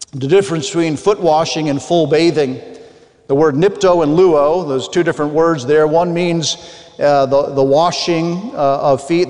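A man's voice: on the high side, a little mellow, long reverb tail. A man preaching a sermon, reading scripture aloud and explaining it earnestly, with frequent restarts.

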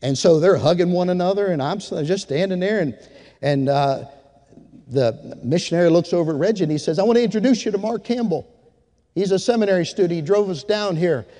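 A man's voice: high-pitched, a little fast, mellow, long reverb tail. A man preaching a sermon, telling a story and then rising into fervent exhortation to his congregation. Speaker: pastor.

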